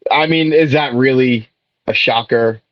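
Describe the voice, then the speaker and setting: A man co-hosting a casual podcast, speaking in a rueful, low-key way. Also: measured pace, no echo, dull audio. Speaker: podcast co-host.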